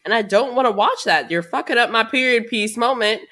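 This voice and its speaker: A woman's voice: fairly high pitch, animated, a little fast, sharp tone. A woman co-hosting a podcast in casual chat, blunt and outspoken, swearing freely. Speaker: podcast co-host.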